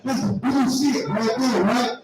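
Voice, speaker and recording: A man's voice: extremely high pitch, measured pace, a crowd in the background. A man from Milwaukee doing a stand-up comedy set, telling rambling, profane stories and acting out what people said to him. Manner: profane, rambling storytelling with acted-out quotes. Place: live comedy venue. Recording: roomy echo, voice from far off.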